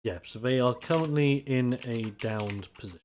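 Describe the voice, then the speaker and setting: A game master running a tabletop wrestling game, animated and quick to laugh. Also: mid-range voice.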